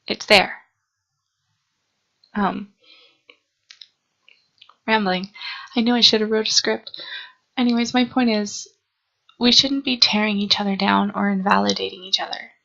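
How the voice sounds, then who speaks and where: A young woman talks unscripted to her camera, earnest and a bit sleepy, stopping and restarting her thoughts. Her voice has a gravelly fry to it, and the recording sounds dull and muffled. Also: medium pitch, fairly even intonation, sharp tone. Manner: earnest, halting, with frequent ums and restarts. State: sleepy, yawning. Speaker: vlogger. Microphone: camera mic.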